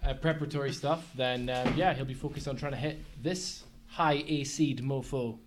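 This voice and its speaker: A man's voice: mid-range voice, moderate pace, slight background noise. A man playing a tabletop game, joking and explaining his moves with fillers. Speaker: player. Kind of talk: casual tabletop game play.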